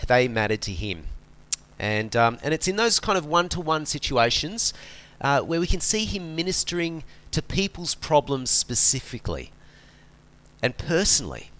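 A male preacher giving a conversational sermon. He talks in a relaxed, chatty way, like someone explaining things to friends. He often stops to ask his listeners rhetorical questions. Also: medium pitch, normal speed.

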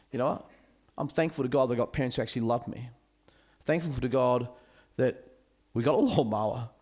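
Lively man preaching. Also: mid-range voice. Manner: animated, joking with a youth audience. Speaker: camp speaker. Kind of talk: sermon.

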